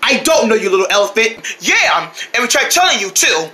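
A woman voicing all the characters of a homemade toy cartoon, switching quickly between playful voices. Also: fairly high pitch, very animated, sharp tone.

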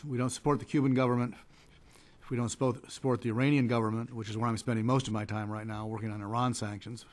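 A man giving conference panel remarks as a trade policy advocate, measured and hesitant with many fillers and restarts. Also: medium pitch, little pitch movement, a little mellow.

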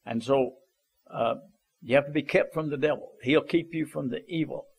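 A man's voice: a little high, normal speed, gravelly, slightly rough. Earnest preacher man, folksy and repetitive. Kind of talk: informal sermon.

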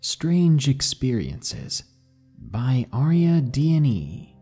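A man reading true ghost stories aloud as a podcast narrator, in a measured storytelling manner with dramatic pauses. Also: medium pitch, very animated, warm tone, breathy edge. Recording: faint music behind the voice.

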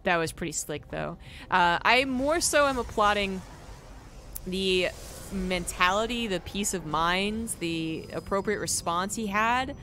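A man's voice: high voice, measured pace, sharp tone, slight background noise. Joking Canadian man casting a strategy game. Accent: General American. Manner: joking, sarcastic asides to chat. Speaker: esports caster. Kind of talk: live game commentary, chatting with viewers.

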